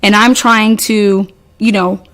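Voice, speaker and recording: A woman recounts a story in casual podcast chat, swearing often and sounding fed up as she rambles and restarts. Her pitch sits in the middle range. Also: fairly even intonation, slow, a bit bright. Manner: profane, exasperated, rambling with many restarts.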